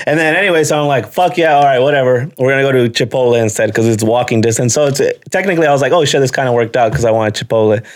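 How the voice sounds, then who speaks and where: A young man co-hosting a casual podcast, telling animated, profane stories and ranting about pet peeves. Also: medium pitch, rapid-fire, few pauses. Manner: profane, animated storytelling, rants. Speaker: podcast co-host. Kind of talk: casual chat.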